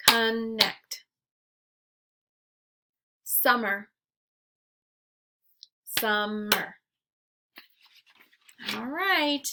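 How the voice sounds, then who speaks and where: A woman teacher leading a phonics drill, saying each word slowly and clearly so it can be repeated back. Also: medium pitch, noisy background. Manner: slow, clearly enunciated, repeating words. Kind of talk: phonemic awareness drill.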